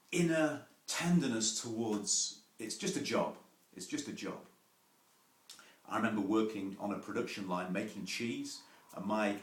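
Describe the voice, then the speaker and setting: A man preaching a sermon, telling homely stories with asides and gentle self-deprecating humour. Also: on the low side, roomy sound.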